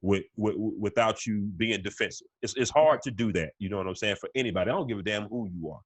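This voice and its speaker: A man's voice: lowish voice, quick pace, no room sound. A man co-hosting a sports podcast in casual chat, stumbling and repeating words, often saying "you know what I'm saying". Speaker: podcast co-host.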